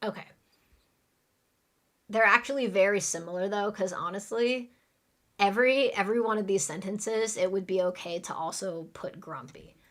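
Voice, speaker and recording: A woman's voice: mid-range voice, normal speed, a bit bright. A woman English teacher giving a live online lesson, explaining words in plain terms and leading repeat-after-me drills.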